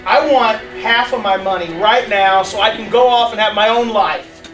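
A man's voice: high-pitched, normal speed, echoey room, far from the mic, music in the background, pitched above the performer's own voice, lightly acted, poor audio. A man voicing an impatient, demanding young son in a kids' story lesson. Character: restless, brash young son.

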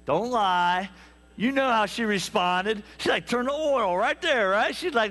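A man preaching a sermon, telling stories with lively asides to the congregation. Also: high-pitched, a little slow. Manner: animated storytelling with asides to the congregation. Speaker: pastor. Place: church sanctuary.

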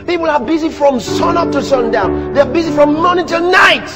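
A man preaching a sermon to a church congregation, animated, teasing the audience with rhetorical questions and mimicry. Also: extremely high pitch, moderate pace, big-room sound, over music. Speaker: pastor.

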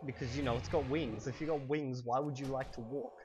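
A man teaching vocabulary in a casual, chatty way while playing a game at home, repeating each word slowly for learners, a little hoarse from a cold. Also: medium pitch, over music. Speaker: language teacher. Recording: steady background noise.

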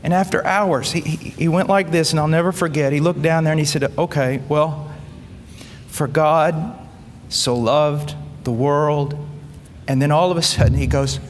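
A man's voice: a little high, moderate pace. Guy preaching and telling a story, acts out the voices, faint noise in an echoey hall. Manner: quotes others in lively acted voices, rising excitement. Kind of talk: sermon storytelling.

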